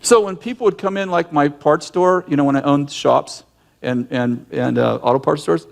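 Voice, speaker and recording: Animated man giving a conversational sermon. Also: fairly high pitch, normal speed, gravelly. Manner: animated storyteller who acts out yelling scenes; direct and emphatic, with frequent restarts. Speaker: ministry leader and teacher.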